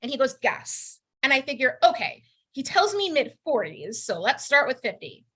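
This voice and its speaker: A woman's voice: high voice, moderate pace, husky. A woman in her thirties performing a stand-up set over a video call, acting out quoted voices with big swings. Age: 30s. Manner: animated, jumps into exaggerated quoted voices. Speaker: stand-up comedian.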